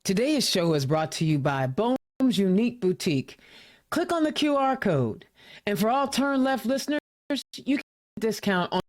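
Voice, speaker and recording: A woman's voice: medium pitch, darkish tone, dry recording, studio quality. A woman from Indiana hosting a political podcast, ranting emphatically with rhetorical questions and casual slang, then reading sponsor plugs and introducing her guests. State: a little choked up. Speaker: podcast host. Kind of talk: impassioned political rant and show hosting.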